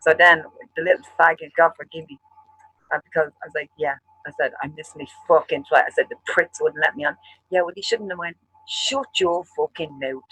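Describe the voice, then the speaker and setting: A man with an Irish accent, co-hosting a show and telling a long story, animated and full of swearing. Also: a little high, a little fast, breathy edge, no echo, rough recording. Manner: profane, animated storyteller acting out quarrels. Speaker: show co-host. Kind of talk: casual storytelling chat.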